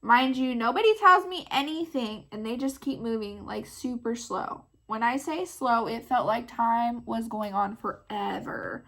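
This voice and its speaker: A mother vlogging, retelling a story in a casual, animated way full of "like". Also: on the high side, measured pace, hardly any pauses. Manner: animated, filler-heavy retelling with many "like"s.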